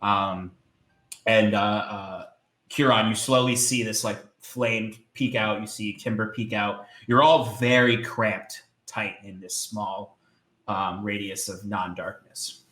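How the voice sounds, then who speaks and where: A man runs a tabletop game with a fairly low voice, pausing and restarting as he describes each scene. The room around him sounds echoey. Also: steady tone, fairly bright tone. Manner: hesitant, many filler pauses. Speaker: game master.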